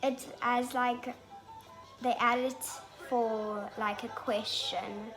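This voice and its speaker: Bright higher-voiced woman chiming in super slowly, music low behind. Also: fairly even intonation, low-quality recording. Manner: chiming in, slow and giggly. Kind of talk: casual chat.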